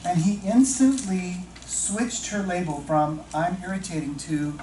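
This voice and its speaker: A man leading a teacher-mentoring workshop, chatting with the audience, asking questions and slowing down to stress key points. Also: sits high, expressive, warm tone, slight background noise. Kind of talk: interactive workshop talk. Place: training room with audience. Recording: echoey room, distant mic, faint ambience.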